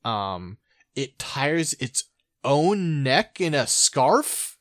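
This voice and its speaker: A man co-hosting a casual podcast, his pitch swinging up and down as he talks. He has a dry, sardonic humor and often reads passages aloud. The sound is close and dead, with no room around it. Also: very animated, drawn-out words, a bit bright, no room sound. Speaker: podcast co-host.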